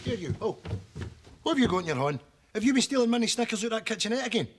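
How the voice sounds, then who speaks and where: A strict Scottish dad who lectures his son with mock-dramatic threats. He talks fast in a fairly high voice. The sound is from a comedy sketch. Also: sing-song, background noise. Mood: suspicious. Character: strict, sarcastic working-class Scottish dad.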